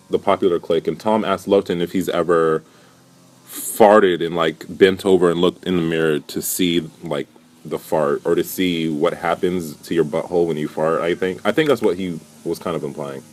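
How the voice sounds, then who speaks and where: A man's voice: low-pitched, moderate pace, darkish tone. A young man giving a casual, gossipy recap of a reality show with a sarcastic, rambling manner. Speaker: vlogger.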